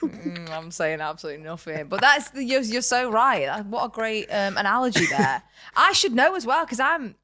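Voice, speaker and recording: Podcast co-host: thirties, northern English woman, animated pitch, playful. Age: 30s. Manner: playful, quick to laugh. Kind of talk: casual chat.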